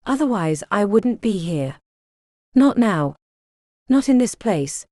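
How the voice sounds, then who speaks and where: A quiet, proud young woman at the end of her rope voiced by a woman reader, soft and restrained in a storybook. Her mellow voice rises and falls widely and moves slowly. Dry, close recording. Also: medium pitch, sing-song, no room sound. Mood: resolute.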